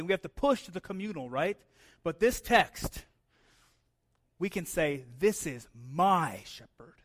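High-voiced man preaching conversationally. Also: fairly bright tone. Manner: conversational, frequent "right?" asides and repeated words. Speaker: pastor. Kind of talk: sermon.

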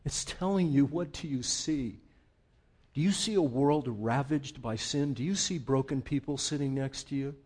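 Husky-voiced preaching pastor, man. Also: mid-range voice, normal speed, a little mellow. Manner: impassioned preaching with rising outbursts and rhetorical questions. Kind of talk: sermon.

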